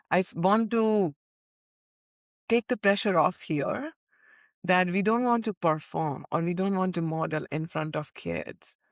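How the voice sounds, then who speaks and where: A woman's voice: fairly low pitch, dry recording, studio quality. A woman guest sharing mindfulness practices in an earnest, reflective way, often restarting her phrases. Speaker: podcast guest, mindfulness coach. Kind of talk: interview conversation.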